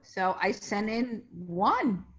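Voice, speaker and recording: A chatty woman casting director tells stories in a casual interview, her medium-pitched, fairly bright voice animated but slow. She shares anecdotes and acts out the voices she quotes.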